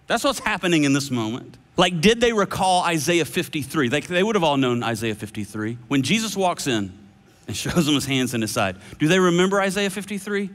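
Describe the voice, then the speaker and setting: A pastor with a high, bright-edged man's voice preaches with earnest emphasis, pausing to let phrases land. His words ring out with a long hall reverb around them. He drops low and quiet whenever he quotes a line. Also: very animated. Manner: earnest preaching with dramatic pauses, dropping soft for quoted words. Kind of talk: sermon. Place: church auditorium.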